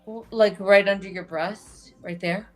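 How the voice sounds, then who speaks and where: Slow-talking woman with the hiccups. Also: medium pitch, steady tone, soft background music. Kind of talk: casual chat.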